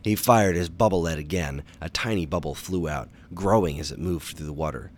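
A man reading a children's adventure book aloud, with animated, dramatic storytelling. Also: low voice, brisk, slight background noise. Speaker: storybook reader. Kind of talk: audiobook narration for children.

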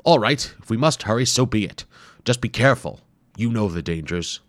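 A man's voice: on the low side, expressive, normal speed, no echo, voice pushed up, natural voice. A man voicing a grumbling, overweight middle-aged male archaeologist who complains dryly and reluctantly, in a storybook reading.

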